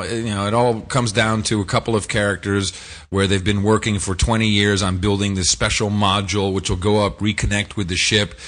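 A man's voice: on the low side, fairly bright tone. A man co-hosting a casual podcast, rambling through a film recap with fillers, restarts and laughs. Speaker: podcast co-host. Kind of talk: casual chat.

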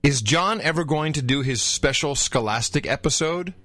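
A man hosting a casual talk show, animated and incredulous as he reacts. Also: a little high, normal speed. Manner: incredulous, animated, fond of the word "wow". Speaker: podcast host.

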